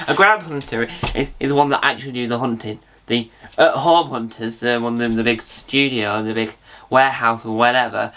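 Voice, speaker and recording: A man's voice: mid-range voice, bright, forceful tone, a little hiss or hum. A man hosting a casual vlog about a reality show, rambling and jokey and often correcting himself mid-sentence. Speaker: reality TV video host.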